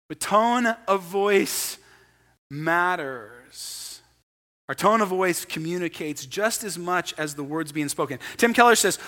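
A man preaching a sermon with a high, bright and forceful voice, lingering in the long reverb of a church sanctuary. He keeps it conversational and acts out the lines he quotes. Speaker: pastor. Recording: long reverb of a large hall.

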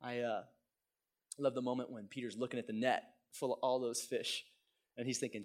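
A middle-aged male pastor telling a personal story in a sermon, swinging from hushed tones to loud exclaims. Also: medium pitch, fairly even intonation, a little fast.

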